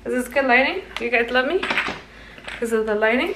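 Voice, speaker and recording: A young woman talks her way through a recipe in her home kitchen, chatty and laughing at herself, tossing in Spanish words. Her voice sits high and bright. The camera is set back from her, so the room sounds echoey. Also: animated, fairly quick, pauses often, distant mic, slight background noise. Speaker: vlogger. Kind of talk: casual cooking vlog chat. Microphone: camera on tripod.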